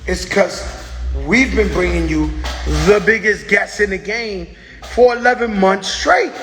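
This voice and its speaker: A man's voice: high-pitched, a little slow, a bit bright. A man hosting a casual monologue, drawing out his words for hype and telling stories with acted quotes. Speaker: show host. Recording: echoey room with long reverb.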